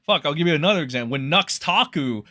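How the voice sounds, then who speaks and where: A young man streaming, ranting angrily and profanely, mocking others in sarcastic high voices. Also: animated, quick pace, sharp tone, no echo, clean studio sound. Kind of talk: angry rant reacting to clips.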